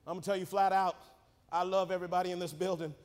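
A man preaching a sermon in a church, shifting between fast joking asides and loud shouted climaxes. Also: sits high, level tone. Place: church sanctuary. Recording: reverberant church hall.

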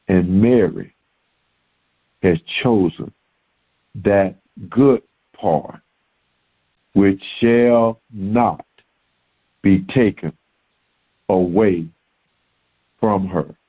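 A man preaching, voicing a calm, solemn male spiritual teacher, speaking slowly and gravely in a lowered voice. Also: heavily acted. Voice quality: slow, grave. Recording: tinny phone-like sound.

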